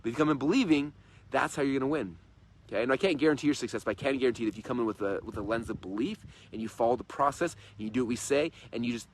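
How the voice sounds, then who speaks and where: A man in his thirties giving an energetic, repetitive, persuasive motivational talk on a livestream from his in-laws' home. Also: medium pitch, a little hiss or hum. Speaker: host and coach.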